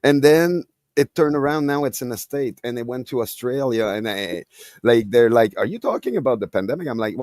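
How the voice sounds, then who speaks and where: A man's voice: medium pitch, animated, a little mellow. A man with a Québécois French accent talks casually, stumbling and repeating words as he gathers his thoughts. His voice sits in the middle range and sounds dry and close, with no room echo. The talk is loose late-night podcast chat. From Quebec, Canada. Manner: halting, repeats words and restarts often.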